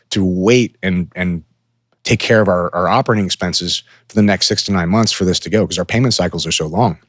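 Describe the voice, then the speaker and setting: Candid, cursing man with a low voice. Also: no echo, clean studio sound. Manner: profane, candid, animated when quoting himself. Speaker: podcast co-host. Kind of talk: casual conversational storytelling.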